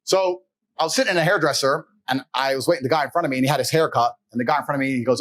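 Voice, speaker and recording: A man telling a personal story as a guest, animated, blunt and profane. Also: a little high, very fast. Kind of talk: casual storytelling.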